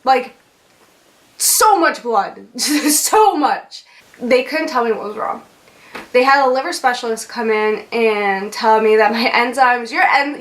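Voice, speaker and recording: A woman's voice: on the high side, fairly bright tone. A young woman vlogger telling a story in a chatty way, with lots of fillers, laughs and swearing. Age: young adult. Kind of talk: casual storytime.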